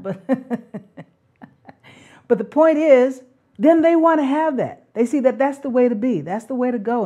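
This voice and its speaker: A middle-aged woman hosting a talk on parenting, speaking in an earnest, reflective and spiritual way, with soft laughs now and then. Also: a little high, muffled recording.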